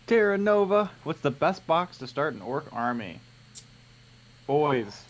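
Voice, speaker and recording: A man's voice: fairly high pitch, big pitch swings, normal speed. A man co-hosting a live miniature-painting stream, chatting casually, joking and reading out viewer questions. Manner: joking, teasing, reads viewer questions aloud. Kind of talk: casual chat.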